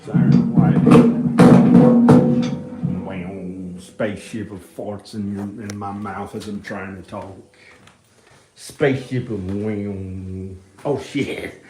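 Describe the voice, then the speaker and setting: Low-voiced man, rambling and cursing, roomy echoey sound, mic held far off. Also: steady tone, slow pace, pauses often, warm tone, faint music behind. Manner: rambling, profane, muttering. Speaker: vlogger. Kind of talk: rambling monologue to a microphone. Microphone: handheld microphone.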